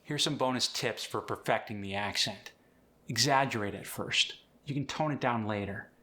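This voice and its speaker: A man hosting an accent tutorial, explaining sounds clearly and giving example words. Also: mid-range voice, moderate pace, pushed and bright. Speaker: accent coach. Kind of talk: instructional tutorial.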